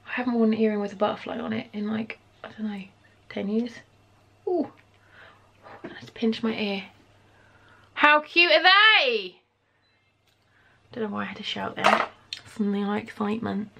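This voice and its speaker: A woman in her thirties from England, chatting excitably while unboxing and gushing over each item. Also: mid-range voice, fairly quick, gravelly, husky. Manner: gushing, excitable, with sudden gasps and soft mutters. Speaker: vlogger. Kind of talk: casual unboxing chat. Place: home room.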